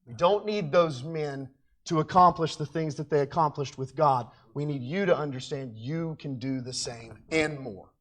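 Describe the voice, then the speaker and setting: A male Bible teacher with a notably high-pitched voice speaks emphatically, rising to ringing declarations and then dropping to near-murmured asides. He stretches out key words, slowing right down to press a point home. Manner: emphatic, swinging between loud declarations and quiet asides; slows down to stress key words.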